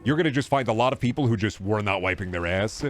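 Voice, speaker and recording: A man's voice: lowish voice, animated, fast, a little hiss or hum. A man streaming a game, rambling crudely and joking with friends. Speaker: streamer host. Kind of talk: casual stream chat while gaming.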